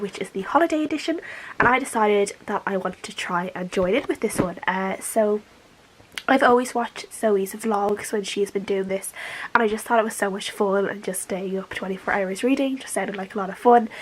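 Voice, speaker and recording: A woman's voice: mid-range voice, a little hiss or hum, poor audio. A young woman with a stuffy nose from a cold, chatting casually in a book vlog from her room, with lots of ums and uhs. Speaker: book vlogger. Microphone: camera.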